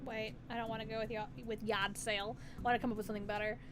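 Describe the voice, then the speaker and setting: A young woman streaming casually, giggling, bursting into loud laughter and swearing freely. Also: fairly high pitch, flat delivery, rapid-fire, noisy background. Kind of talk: casual livestream chat. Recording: music playing under the voice. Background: background music playlist.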